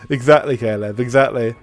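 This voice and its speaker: A live streamer hosting a retro game stream talks in a medium-pitched, bright, forceful voice that's hoarse and stuffy from a recent cold. He rambles casually, restarting sentences and swearing, with faint music playing behind him.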